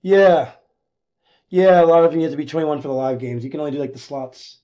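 High-voiced man streaming, shouting and muttering. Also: quick pace, muffled recording. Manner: swings between muttered gloom and shouted hype, heavy swearing. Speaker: live streamer. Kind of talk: live gambling stream reaction.

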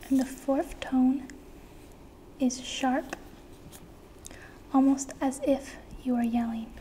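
Softly whispering woman teacher, whispered role-play. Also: high-pitched, fairly even intonation, slight background noise. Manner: slow, patient teaching, mostly whispered. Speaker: ASMR teacher. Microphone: close microphone, occasional bumps.

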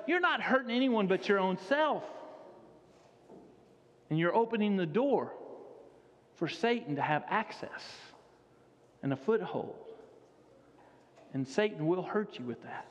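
A man's voice: very high voice, expressive, a little slow. A male pastor preaching a sermon in a church, emphatic and repeating his key phrases. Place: church sanctuary. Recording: dull sound with long hall reverb.

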